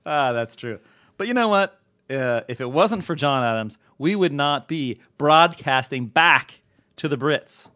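A man's voice: on the high side, animated, measured pace, bright, forceful tone, no echo. A man hosting a podcast in casual chat, joking and rambling in a self-mocking way. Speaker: podcast host, TV critic.

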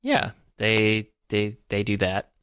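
A man casually talking about a film with a friend, recapping the plot slowly with lots of fillers. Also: fairly low pitch, lively intonation, a bit bright, clean tone, dry recording, clean studio sound. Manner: recaps plot in a halting, unhurried way with many fillers. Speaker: podcast co-host.

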